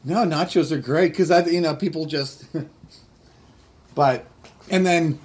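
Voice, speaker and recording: Rambling, halting man with a light voice. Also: a little high. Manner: rambling, halting, self-interrupting storyteller. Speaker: comedian. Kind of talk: casual chat.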